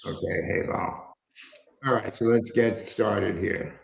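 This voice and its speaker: A man hosts a live market commentary stream, talking in a slow, gravelly voice that sits fairly low. He wanders through wry asides and mild cursing as he goes. The sound is roomy and echoey. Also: steady tone, background noise. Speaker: trading show host. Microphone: earpiece with a microphone.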